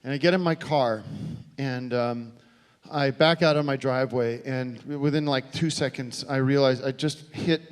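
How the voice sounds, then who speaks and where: A man doing a live stand-up comedy set, telling a long deadpan rambling story with halting restarts. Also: medium pitch, smooth. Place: live comedy venue with audience. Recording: live show recording with faint crowd.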